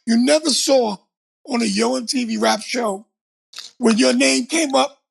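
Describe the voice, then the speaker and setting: Older man, gravelly, husky, high voice, animated storyteller. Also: a little slow. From Long Island, New York. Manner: animated, acts out quoted voices. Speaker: co-host, former TV host. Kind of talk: casual storytelling conversation.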